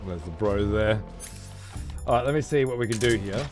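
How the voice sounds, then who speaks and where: A man's voice: lowish voice, normal speed, music in the background. A young man giving casual, profane commentary while playing a game and thanking viewers. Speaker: let's play streamer.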